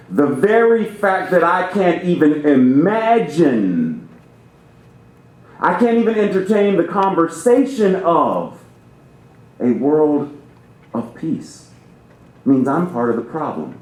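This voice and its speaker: A man's voice: fairly high pitch, big pitch swings, measured pace, a little mellow. A man preaching as a guest minister, talking with theatrical emphasis and playing with how he phrases things. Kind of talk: sermon. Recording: roomy church reverb.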